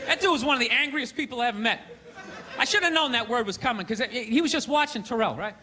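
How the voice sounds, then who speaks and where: Ranting high-voiced stand-up comedian. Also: male voice, lively intonation, fast, some chatter behind. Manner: ranting, sarcastic, bursts into shouting. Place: theater stage before a live audience. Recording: live theater recording with audience laughter and noise.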